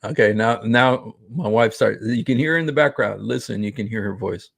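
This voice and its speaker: A middle-aged man excitedly retelling a street encounter in casual talk, laughing and restarting his sentences. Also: on the low side, moderate pace, gravelly, breathy edge. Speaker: street preacher recounting an outreach encounter. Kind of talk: casual talk over a played clip.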